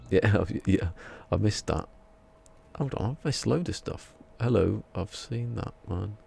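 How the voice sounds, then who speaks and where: A man's voice: on the low side, takes it slowly, creaky, pauses often, darkish tone, faint music behind. A man with an English accent chatting casually on a live stream, rambling and chuckling as he reads the chat, a little drowsy. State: a bit drowsy.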